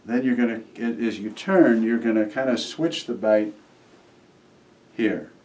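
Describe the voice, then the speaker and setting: A man, a magician, casually explaining a trick step by step while showing it, and now and then acting out what the kids shout back. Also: fairly low pitch, unhurried, recorded from a distance. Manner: relaxed, acts out the kids' replies while demonstrating.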